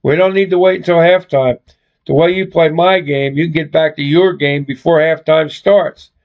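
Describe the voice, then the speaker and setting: Guy reading as fed-up young woman, blunt and sweary, kinda gravelly, muffled recording. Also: fairly high pitch, fairly even intonation, moderate pace, close to an everyday voice. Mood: resentful. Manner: blunt, sarcastic, swears freely. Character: fed-up young woman confronting her boyfriend.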